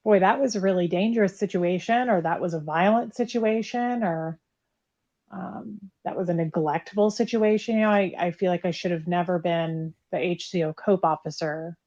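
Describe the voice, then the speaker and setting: A woman's voice: fairly low pitch, moderate pace, a little mellow. A woman on a recorded phone call, speaking candidly and bluntly and swearing freely as she talks about her past. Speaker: caller, former member recounting her past.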